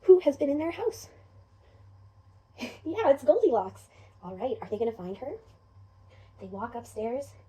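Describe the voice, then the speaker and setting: A woman teacher telling a children's story in an animated way, asking the children questions. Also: a little high, a little slow, long pauses, recorded from a distance, rough recording.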